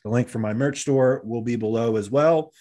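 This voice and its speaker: An upbeat man hosts a casual podcast and keeps the tone friendly. His questions run long and wander, with many restarts. His voice sits at an average pitch. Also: moderate pace, warm tone. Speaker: podcast host.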